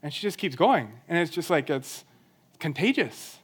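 A man's voice: fairly high pitch, very animated, moderate pace, slightly rough. A young man giving an earnest, conversational sermon with self-deprecating humor. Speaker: church speaker.

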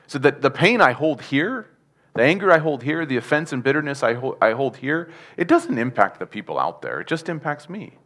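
A man's voice: mid-range voice, big pitch swings, a little fast, fairly bright tone. A man giving a sermon testimony, telling his story earnestly with chuckles and asking the congregation questions. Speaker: preacher.

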